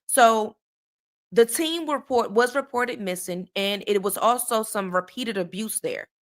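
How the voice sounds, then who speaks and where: A woman's voice: fairly high pitch, a little slow. Chatty woman hosting a live stream. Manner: chatty, greets viewers by name between sentences; conversational, checks in with frequent "okay?" tags. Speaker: true crime streamer. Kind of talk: casual live-stream commentary.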